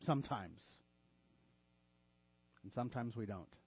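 A man's voice: mid-range voice, animated, a little slow, breathy edge, muffled recording. A man, a pastor, preaching a sermon, delivering a list with tongue-in-cheek sarcasm.

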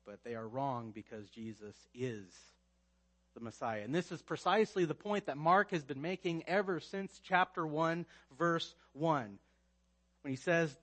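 A man's voice: on the high side, a little slow. Man preaching with emphatic swings. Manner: emphatic preaching with swings between loud and quiet, frequent restarts. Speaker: pastor. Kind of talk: sermon.

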